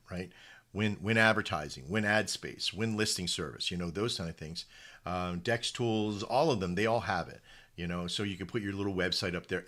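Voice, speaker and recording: Low-voiced rambling man with a bright edge. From United States. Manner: rambling, excitable, swears and repeats himself. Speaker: crypto project founder hosting a live audio space. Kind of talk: casual pitch to a live community.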